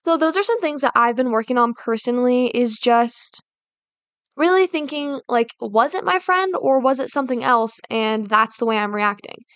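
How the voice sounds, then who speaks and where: Chatty woman with a higher voice. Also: moderate pace, a bit bright, no echo. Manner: rambling, heavy use of fillers like "like" and "you know". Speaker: podcast host. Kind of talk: casual advice talk.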